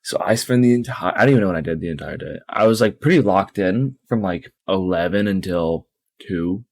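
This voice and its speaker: A man's voice: sits low, a little fast, darkish tone, no room sound. A young man co-hosting a podcast, telling a rambling, tired story with lots of swearing. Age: young adult. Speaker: podcast co-host. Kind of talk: casual podcast chat.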